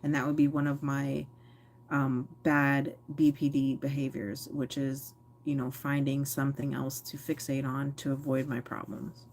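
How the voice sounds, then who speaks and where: A woman vlogger speaks to camera in a low, deep voice. She sounds reflective and rambling, often pausing and correcting herself. A faint background hum sits under her voice. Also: little pitch movement, a little mellow. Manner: reflective, rambling, with frequent fillers and self-corrections. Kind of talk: candid personal talk to camera.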